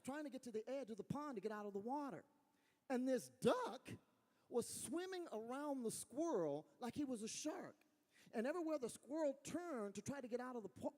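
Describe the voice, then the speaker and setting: A man with a West Texas accent doing folksy, animated stand-up storytelling on a fair stage. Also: extremely high pitch, big-room sound. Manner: animated storytelling, folksy, laughs at own jokes. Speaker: stand-up comedian. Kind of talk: stand-up comedy.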